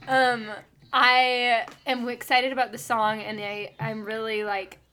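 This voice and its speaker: A woman's voice: fairly high pitch, completely flat delivery, slow, sharp tone, a little hiss or hum. A young woman musician co-hosting a podcast in casual chat, talking with many fillers and restarts and laughing often.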